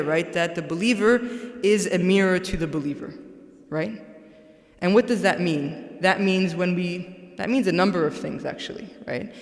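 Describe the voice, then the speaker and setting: A woman giving a religious talk to a congregation, conversational, often checking in with "right?". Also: lowish voice. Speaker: guest speaker. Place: large mosque hall. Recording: echoey hall with long reverb.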